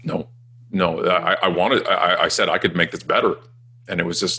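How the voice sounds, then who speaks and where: A Canadian man in his forties appears as a guest in a casual storytelling interview, recounting his work history in a chatty, self-deprecating way and acting out quoted dialogue. His voice is low, pushed and bright with a breathy edge, fairly even in intonation and moderate in pace.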